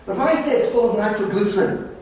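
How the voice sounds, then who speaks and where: A middle-aged Australian man speaks in a fairly high voice, telling jokey stories at a conference. He is heard from a distance in a very echoey hall, with faint noise behind him. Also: fast talker, a little mellow. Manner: anecdotal, jokey storytelling. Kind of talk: motivational presentation.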